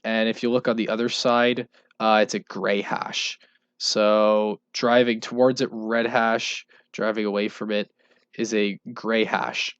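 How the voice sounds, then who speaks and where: A man giving a casual instructional voice-over on game tips, relaxed and loose, with fillers and restarts. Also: fairly low pitch, a little slow, clear, resonant tone, no room sound, dull audio. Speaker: video creator explaining game tips.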